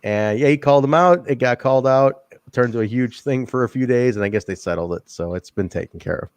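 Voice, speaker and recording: Man, casual podcast chat, rambling, mid-pitched, dry close sound. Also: fast, smooth, no room sound. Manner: rambling, laid-back, swears casually. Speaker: wrestling podcast co-host.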